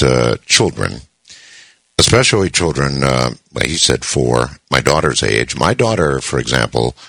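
A middle-aged man hosting a call-in radio show, talking in a slow, measured and deliberate way with long pauses. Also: a bass voice, vocal fry, pushed and bright, dry recording. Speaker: radio talk show host.

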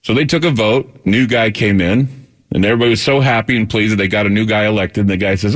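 A man's voice: fairly low pitch, quick pace. A tired male talk radio host in a rambling monologue, often repeating words and restarting.

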